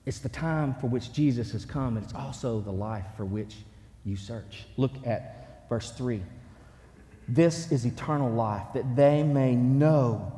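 A man preaching a sermon as pastor, animated, swinging from hushed lines to loud ones. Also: medium pitch, in a large hall. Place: church sanctuary.

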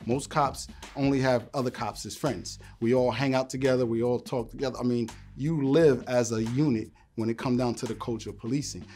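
A man's voice: mid-range voice, a little hiss or hum. A former police officer telling a story in an interview, acting out the people he quotes. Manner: animated storyteller, acts out voices in quotes.

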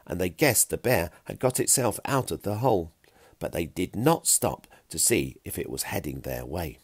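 A man narrating a children's story with a gentle, expressive reading. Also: sits low, no echo, clean studio sound.

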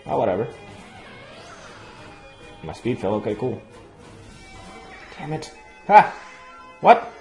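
A man giving excitable let's play commentary over a video game, swearing a lot and breaking into loud outbursts. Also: mid-range voice, slow, gravelly, pauses often. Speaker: gaming channel host. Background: faint game music.

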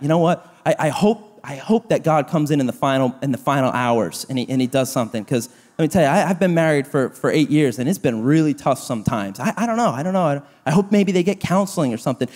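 Man, 30s, pastor, animated sermon, high voice, long hall reverb. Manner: animated, self-deprecating, acts out quoted gossip. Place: church auditorium.

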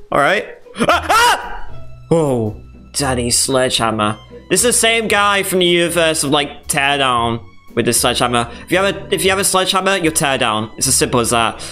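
A man streaming a game casually, swearing, yelling and laughing as he plays. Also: a little high, animated, a little fast. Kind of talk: casual live gaming commentary. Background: faint meme music and sound effects.

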